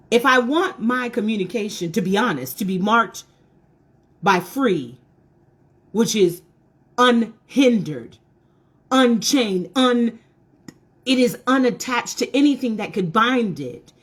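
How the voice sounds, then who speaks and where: A woman hosts a motivational talk for women, emphatic and preachy, tossing self-mocking asides to her audience and repeating words or restarting when fired up. Her animated voice is on the high side and slightly rough, delivered slowly with long pauses.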